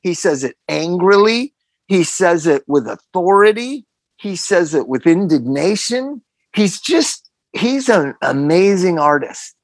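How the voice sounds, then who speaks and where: An animated man chatting on his own podcast, his pitch swinging widely as he presses his points. He repeats phrases for emphasis. The sound is dry and close. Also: a little slow, dry recording. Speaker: podcast host. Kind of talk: casual podcast chat.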